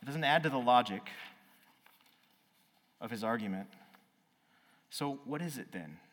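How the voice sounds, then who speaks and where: A man preaching a sermon, swinging from loud exclaiming to quiet, earnest speech. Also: medium pitch, lively intonation, a little slow. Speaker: pastor. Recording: reverberant hall.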